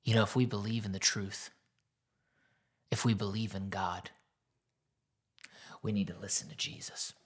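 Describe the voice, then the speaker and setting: A male pastor preaching a sermon that retells a Bible story. He is earnest and often drops to a soft near-whisper. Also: fairly low pitch, fairly even intonation, normal speed, pauses often, breathy edge.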